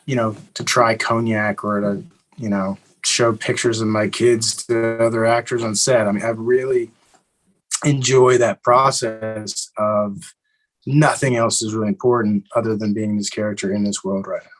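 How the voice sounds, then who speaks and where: A young adult man from Eastern Kentucky, answering interview questions in a relaxed way with many fillers and restarts. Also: lowish voice, normal speed, rough recording. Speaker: actor guest.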